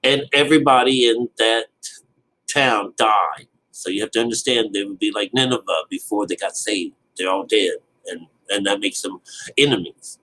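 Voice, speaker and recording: A man's voice: on the low side, moderate pace, pushed and bright, rough recording. A man giving a casual, rambling Bible commentary, full of restarts and loose swearing. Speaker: Bible teacher.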